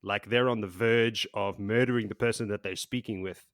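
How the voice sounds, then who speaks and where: Guy on a podcast recapping chapters, lowish voice, swears a bit, acts out quotes, dry mic. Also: moderate pace, no echo. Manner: animated retelling with acted quotes and swearing. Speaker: podcast co-host. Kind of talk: casual book recap chat.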